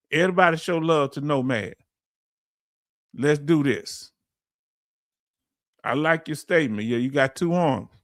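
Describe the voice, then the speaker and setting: A man's voice: on the high side, fairly bright tone, no echo, clean studio sound. A man with a Southern US accent hosting a casual livestream, reading out viewer comments and explaining things in loose, chatty speech. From Southern United States. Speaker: livestream host.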